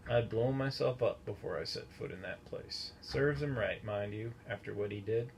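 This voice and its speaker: A man voicing a gloomy, taciturn older male bus driver who speaks slowly and darkly. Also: lowish voice, creaky, a little hiss or hum. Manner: slow, grunting, dark.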